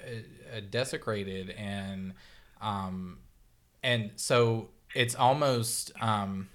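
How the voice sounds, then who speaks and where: A man's voice: lowish voice, fairly even intonation, extremely slow, a bit bright. Rambling male podcast co-host. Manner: rambling, searching for words. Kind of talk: casual chat.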